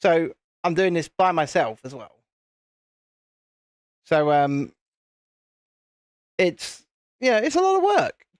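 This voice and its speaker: A British man hosts a live stream and chats loosely while he builds. His voice sits fairly high for a man. The sound is dry and close, with almost no room around it. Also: huge pitch swings, slow, long pauses, smooth, no echo. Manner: chatty, rambling, reads viewer comments aloud. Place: home streaming setup with lights and cameras. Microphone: desk mic at a streaming setup.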